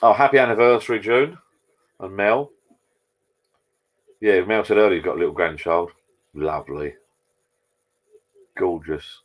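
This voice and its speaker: Low-voiced chatty man. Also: unhurried, pauses often. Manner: chatty, rambling, greets viewers by name. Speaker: live stream host. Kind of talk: casual live chat with viewers. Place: garden bar at home. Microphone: laptop.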